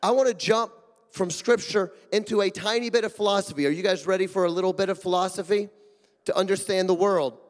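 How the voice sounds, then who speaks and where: Male pastor, high voice, emphatic sermon delivery, long hall reverb. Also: fairly even intonation, brisk. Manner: emphatic, rhetorical questions, swings between loud and hushed.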